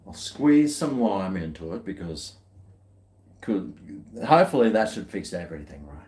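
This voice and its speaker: A man's voice: low voice, big pitch swings, normal speed, darkish tone. A man chatting casually to camera in a rambling, laid-back way with chuckling asides. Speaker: vlogger. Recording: echoey room.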